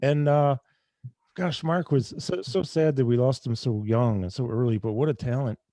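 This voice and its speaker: A male interviewer in casual conversation with a guest. His voice sits mid-range and sounds dry and close, with no room around it. He reacts with quick, enthusiastic admiration. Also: medium pitch, warm tone, no echo. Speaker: host, interviewer.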